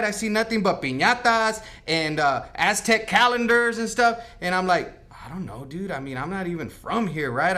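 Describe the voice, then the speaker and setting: A man's voice: fairly high pitch, sharp tone. A man playing a laid-back night-shift janitor, telling his story in a rambling, slangy comic interview. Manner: rambling slangy talk, lots of "like" and "right?". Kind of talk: comic mock-news interview.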